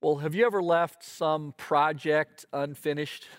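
A man's voice: a little high, fairly even intonation, measured pace, smooth, no room sound, studio quality, soft background music. A man preaching a sermon as pastor, earnest, with frequent fillers and repeated words.

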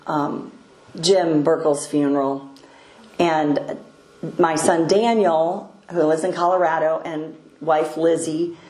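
An older woman giving a devotional talk, unhurried and hesitant, pausing often. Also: low voice, a little mellow. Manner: unhurried, hesitant, many pauses. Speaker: speaker sharing a devotional story. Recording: echoey room, faint ambient noise.

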